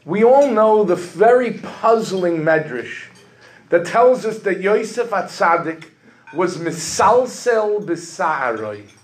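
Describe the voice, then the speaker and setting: A middle-aged man, a rabbi, telling a funny story in an animated way as he opens a sermon. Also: high-pitched, slow pace, low-quality recording. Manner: humorous, animated storytelling with rising emphasis. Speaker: rabbi giving a drasha.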